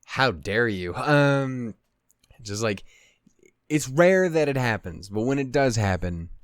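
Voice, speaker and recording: A man's voice: mid-range voice, expressive, takes it slowly, no echo, studio quality. A young man casually rambling and swearing while reacting to an anime at his desk at home. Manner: rambling, profane, laughs often.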